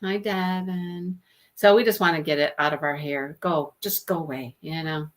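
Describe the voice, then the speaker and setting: A woman's voice: deep voice, fairly even intonation, moderate pace. A woman hosting a craft channel live stream, chatting casually and laughing often with exasperated asides.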